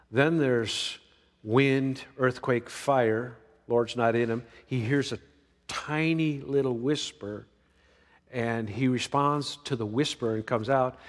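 A man preaching a sermon, swinging between emphatic lines and hushed ones. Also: medium pitch. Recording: long reverb of a large hall.

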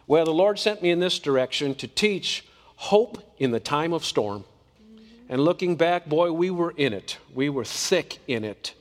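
A man's voice: a little high, lively intonation, a little slow, long reverb tail. A man preaching a sermon in an earnest, conversational way, often asking the congregation questions.

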